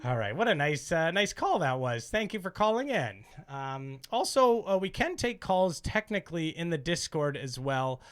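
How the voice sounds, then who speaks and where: A man's voice: a little high, sing-song, moderate pace, few pauses, smooth. A man hosting a call-in show, chatting casually and joking with callers. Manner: loose, joking, swears casually. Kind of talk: casual call-in radio-style chat.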